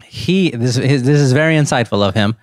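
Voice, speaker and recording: A man in his thirties, a podcast guest, telling a casual story with animated rises into disbelief. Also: mid-range voice, fairly quick, no room sound, clean studio sound.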